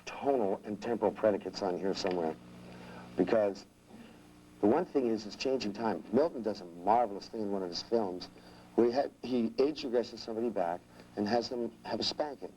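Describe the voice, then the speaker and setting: A man's voice: lowish voice, brisk, mellow, slight background noise, poor audio. A man teaching a live seminar, rambling and restarting sentences, with irreverent jokes and asides. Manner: acts out voices in quotes. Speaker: seminar trainer.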